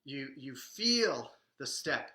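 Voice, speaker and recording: Energetic male dance teacher, echoey room. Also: medium pitch, slow pace. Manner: energetic, coaching, counts out beats while dancing. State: a little out of breath. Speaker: swing dance instructor. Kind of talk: live online dance lesson.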